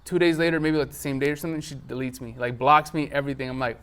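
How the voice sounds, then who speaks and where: A man's voice: mid-range voice, steady tone, racing, a bit bright, smooth. A man hosting a podcast in casual chat, swearing freely and acting out the texts he quotes. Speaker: podcast host.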